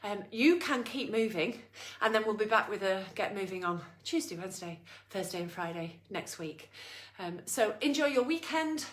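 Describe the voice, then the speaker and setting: A woman's voice: medium pitch, animated, normal speed, hardly any pauses, roomy sound. A woman leading an online exercise class, out of breath, upbeat and encouraging as she counts down. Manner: upbeat coaching, counting down and cheering on. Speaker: fitness instructor.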